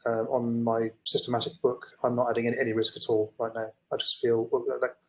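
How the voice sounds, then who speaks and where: A man's voice: medium pitch, flat delivery, brisk, rough recording. A male trader on a video call, chatting casually about his positions, rambling and correcting himself with fillers. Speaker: trader and co-presenter. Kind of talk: casual market chat.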